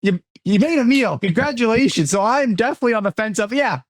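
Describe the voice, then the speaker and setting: A man's voice: high voice, animated, quick pace, dry recording, clean studio sound. A man co-hosting a casual podcast, giving blunt, sarcastic opinions. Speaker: podcast co-host.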